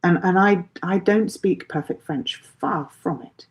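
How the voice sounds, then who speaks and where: A woman's voice: fairly low pitch, measured pace. A middle-aged woman teaching a live online English lesson, patiently explaining with everyday examples.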